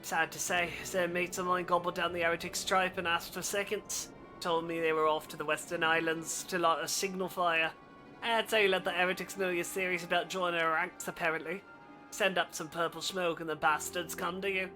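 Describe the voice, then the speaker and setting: A woman reading aloud as a gruff, weary low-born male soldier in a video game, speaking in rough folksy speech. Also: flat delivery, brisk, over music, close to an everyday voice. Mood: blunt.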